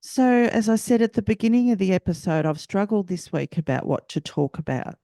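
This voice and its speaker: An Australian woman hosting a personal storytelling podcast, speaking reflectively and haltingly and often repeating herself. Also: medium pitch, lively intonation, mellow, no echo, studio quality. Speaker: podcast host.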